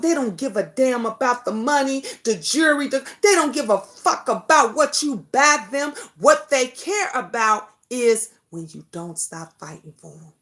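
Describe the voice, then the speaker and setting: A middle-aged woman hosts a talk show, speaking in a voice pitched a little on the high side. She delivers an impassioned monologue, blunt and full of profanity. She lectures her audience the way a preacher would. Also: a bit bright.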